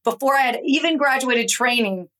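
A young adult woman from Georgia, a guest author telling her story in an animated, conversational interview. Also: high voice, normal speed. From Atlanta, Georgia. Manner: animated, acts out quoted voices in her stories.

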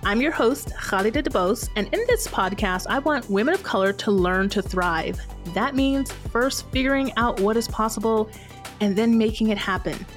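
A woman's voice: on the high side, moderate pace, faint music behind. A woman hosting her own podcast, talking solo to her listeners in a chatty, playfully sarcastic way. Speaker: podcast host.

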